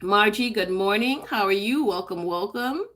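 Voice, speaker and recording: A chatty woman talks through her planner setup on a live stream and greets viewers by name as she works. She drawls some words and her voice swoops up high when she gets excited. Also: normal speed. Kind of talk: casual live-stream chat while crafting.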